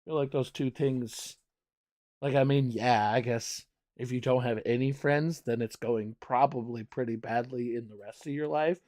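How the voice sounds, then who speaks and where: A man's voice: medium pitch, steady tone, normal speed, a little mellow, no echo, clean studio sound. A man streaming a game live, commenting casually and wryly while thinking aloud and swearing now and then.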